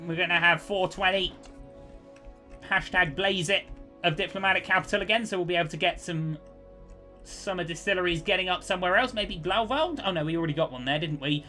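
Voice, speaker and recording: A man's voice: high voice, fairly quick, bright, forceful tone, faint music behind. A man giving cheerful, chatty commentary over his own strategy gameplay, thinking aloud as he plays. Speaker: let's play host.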